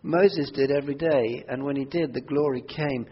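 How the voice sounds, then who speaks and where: Male preacher, husky voice, earnest and emphatic, recorded dull with long hall reverb. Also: mid-range voice, normal speed. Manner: earnest, swings from quiet prayerful asides to loud emphatic declarations. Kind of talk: sermon. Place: church hall.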